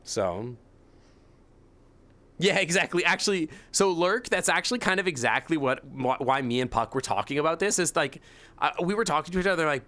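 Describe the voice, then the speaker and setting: A young man streaming, chatting casually and telling animated stories about work, acting out his coworkers' panic. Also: fairly high pitch, fairly quick. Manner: animated storytelling, mimics coworkers. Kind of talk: casual chat with chat readers.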